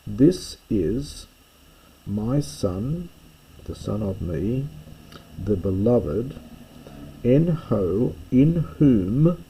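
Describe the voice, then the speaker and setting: A man teaches a language lesson at a deliberate, unhurried pace, working through each phrase and thinking aloud. His voice is low, gravelly and very dark, with a husky edge. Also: big pitch swings, a little hiss or hum, poor audio. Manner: slow, explanatory, thinking aloud. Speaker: Greek teacher. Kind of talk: recorded lesson walkthrough.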